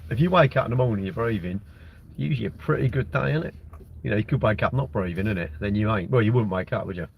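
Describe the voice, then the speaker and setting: Chatty older man, low voice. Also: quick pace, vocal fry, lo-fi sound, slight background noise. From Britain. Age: 60s. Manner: rambling, chatty, reads comments aloud and answers them. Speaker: livestream host. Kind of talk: casual live-stream chat reading viewer comments. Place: inside a parked car. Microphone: phone propped at the windscreen.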